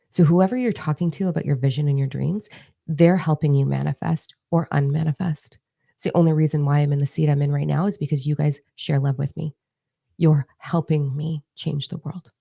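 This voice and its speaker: Woman, adult, spiritual coach, live-stream host; gravelly, dark-toned voice; blunt, swears a lot, calls people out. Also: sits low. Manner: blunt, heavy swearing, emphatic calls to action. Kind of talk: intense motivational talk to viewers.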